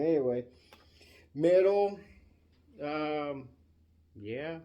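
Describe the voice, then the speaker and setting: Man host, slightly higher voice, loose rambling anecdote, acts out voices. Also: moderate pace, a little mellow, soft background music. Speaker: guitar channel host. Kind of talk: casual storytelling guitar demo.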